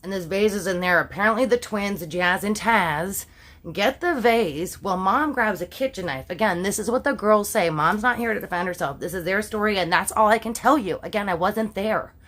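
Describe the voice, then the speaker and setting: A woman hosts a casual true-crime story time in an unfiltered, chatty voice. She drops swear words, then softens them to milder ones. Her pitch sits in a middle range. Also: moderate pace. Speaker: storytime host.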